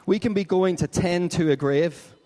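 A man's voice: high voice, normal speed. Man preaching in a reverberant hall. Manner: animated storyteller, acts out dialogue. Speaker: pastor. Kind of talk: Easter sermon with storytelling.

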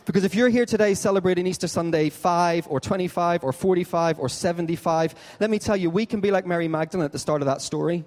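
A man preaching an Easter sermon in a rather high voice, with long reverb trailing behind every phrase in a large hall. He tells his stories animatedly and acts out each part of the dialogue. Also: fast talker, few pauses, darkish tone. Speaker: pastor.

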